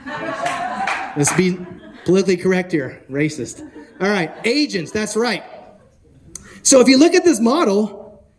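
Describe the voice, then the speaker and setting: A man giving an energetic talk at a conference, often asking the audience questions and joking with them. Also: high-pitched. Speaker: conference speaker. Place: conference hall.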